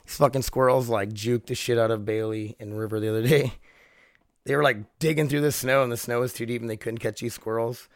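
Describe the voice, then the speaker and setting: A man's voice: medium pitch, steady tone, a little fast, dry recording, studio quality. A man hosting a casual solo podcast from home, rambling, swearing freely and laughing often. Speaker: podcast host.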